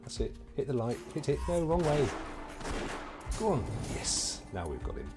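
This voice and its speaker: A man's voice: medium pitch, wildly swooping pitch, moderate pace, loud music behind the voice. A middle-aged man, chatting jokily to viewers while playing a video game. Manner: chatty and jokey, talks to viewers. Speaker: game streamer. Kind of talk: casual let's-play commentary.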